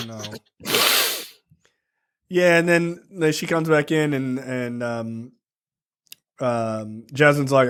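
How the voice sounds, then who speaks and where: A man's voice: medium pitch, slow, long pauses, a bit bright, clean tone. A man co-hosting a film review podcast, emphatically and profanely questioning a film's dialogue. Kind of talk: casual film review chat.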